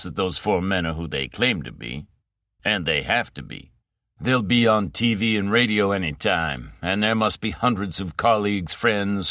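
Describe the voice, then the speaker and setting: A man voicing a blunt, hard-bitten agent who speaks with flat certainty. The low, bright voice comes through close and dry. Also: no echo, full character voice.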